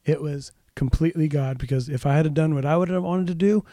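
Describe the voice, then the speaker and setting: A male pastor telling a personal story in a casual podcast chat, lively when he acts out what people said. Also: on the high side, brisk, dry recording, clean studio sound. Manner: animated storyteller, raises voice for quoted dialogue.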